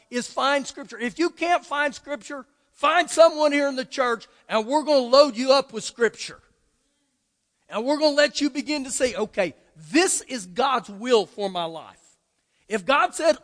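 A man preaching from the pulpit in a high, bright-edged voice, emphatic one moment and conversational the next. He slips into quoted prayers and imagined questions from his listeners. His words ring out with a long reverb through a church sanctuary. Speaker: pastor. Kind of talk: sermon.

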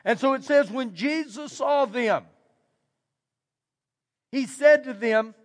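A male pastor with a Texan accent delivers a sermon in a church sanctuary. His voice sits unusually high, and he drives his points home with repetition, dropping quiet and then rising again. The recording carries the long reverb of a big hall. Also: takes it slowly. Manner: preaching with emphatic repetition and shifts between loud and quiet.

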